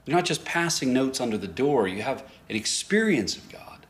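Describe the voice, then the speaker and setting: A man's voice: medium pitch, moderate pace. A man pastor telling a story in a sermon, acting out both sides of a conversation and often laughing as he talks. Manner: animated storyteller, acts out dialogue, laughs often.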